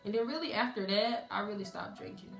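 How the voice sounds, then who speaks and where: A woman's voice: medium pitch, fast talker, gravelly, echoey room, soft background music. A young woman telling her college story in a candid, conversational way, acting out her family's lines as she goes. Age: young adult. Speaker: college student vlogger. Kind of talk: casual storytime.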